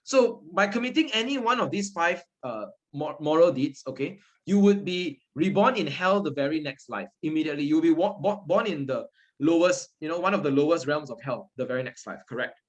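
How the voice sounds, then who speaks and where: A man's voice: fairly high pitch, animated, brisk. A man teaching a Buddhist story class, conversational, often checking in with his listeners. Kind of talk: interactive Dharma class.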